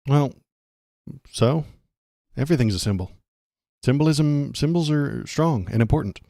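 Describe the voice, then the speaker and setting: A man's voice: fairly high pitch, lively intonation, unhurried, mellow, dry recording, studio quality. A man from Texas hosting a casual political livestream, rambling and sarcastic, restarting his sentences often.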